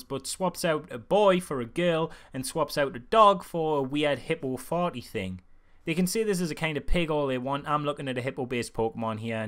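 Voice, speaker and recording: A young man reviewing a film in a casual, comic way, with sarcastic, animated asides. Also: medium pitch, clean tone.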